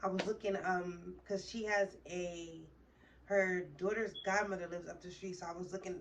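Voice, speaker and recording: A young woman with a low voice retells a story in a heated, rambling way, swearing constantly as she goes. The mic sits a little away from her. A faint hiss of background noise runs underneath. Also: fairly even intonation, moderate pace, distant mic, muffled recording. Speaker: vlogger. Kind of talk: casual storytime.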